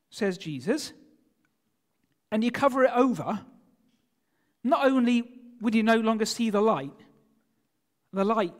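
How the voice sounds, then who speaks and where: A man preaching a sermon in a church, speaking in an animated way and putting rhetorical questions to his listeners. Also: very high voice. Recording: long church hall reverb.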